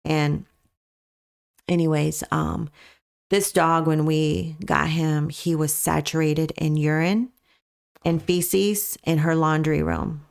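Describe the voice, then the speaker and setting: A woman with a lowish voice speaks as a podcast guest. She tells her story as a dog breeder in an earnest, emphatic way and keeps coming back to her main points. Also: fairly even intonation, slow pace, creaky. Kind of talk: conversational storytelling.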